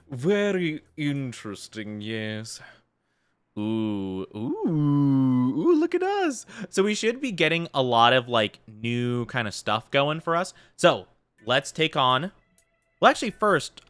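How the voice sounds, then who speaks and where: Guy streaming a game, chatty and giggly, says like a lot, bright punchy voice. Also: mid-range voice, sing-song, measured pace, soft background music. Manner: rambling and giggly, full of filler "like". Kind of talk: casual live-stream chat.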